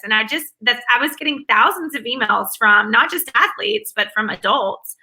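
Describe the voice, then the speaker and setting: Bright upbeat Southern woman. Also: fairly high pitch, lively intonation, moderate pace, hardly any pauses, poor audio. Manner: upbeat, enthusiastic, talks in long run-on answers. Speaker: guest, former academic advisor. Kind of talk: conversational interview.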